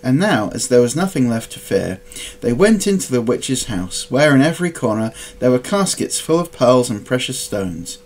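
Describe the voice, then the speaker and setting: A man reading a storybook aloud in an expressive, dramatic way. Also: mid-range voice, normal speed, rough recording. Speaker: storybook reader.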